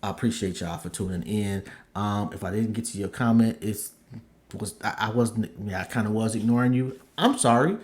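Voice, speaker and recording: A man hosting his own podcast in casual chat, excitable and slangy, swearing freely and breaking into high squeals when he gets worked up. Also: moderate pace. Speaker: podcast host.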